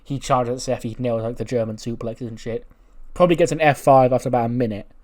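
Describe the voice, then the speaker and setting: Talking fast in a steady, slightly mellow medium-pitched voice, this man hosts a game channel and walks through his simulated wrestling show as a casual let's-play. He keeps things loose and talkative, tossing in a mild curse now and then while going over the matches.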